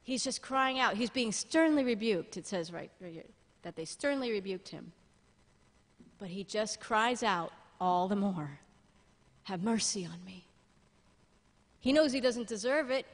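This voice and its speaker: A middle-aged woman pastor preaching a sermon in an animated way, often laughing and building to loud emphatic peaks. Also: mid-range voice, moderate pace. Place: church sanctuary. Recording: long church-hall reverb.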